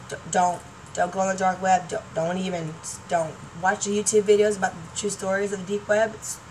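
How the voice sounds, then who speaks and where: Chatty woman vlogging from a distance. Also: medium pitch. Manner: chatty, excitable, laughing often, trailing off. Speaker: YouTuber. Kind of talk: rambling casual vlog chat. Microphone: laptop webcam mic. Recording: distant mic, faint room noise.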